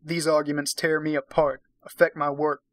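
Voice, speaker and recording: A man's voice: a little high, level tone, normal speed, fairly bright tone, no echo, lightly acted. A man voicing a weary, impatient husband who is leaving his wife, read aloud from a romance novel. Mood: exasperated.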